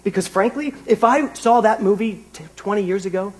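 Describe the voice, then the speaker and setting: A man's voice: high-pitched, fairly quick, slight background noise. A British man in his fifties giving a conversational, self-mocking sermon from the pulpit. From Britain. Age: 50s. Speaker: minister. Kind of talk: sermon with personal anecdote.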